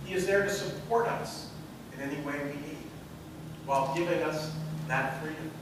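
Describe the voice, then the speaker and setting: A pastor preaches his sermon in a high-pitched voice that swells into loud, emphatic peaks as he tells his story. He is picked up from a distance, and his voice rings through a very echoey church sanctuary. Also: normal speed, noisy background.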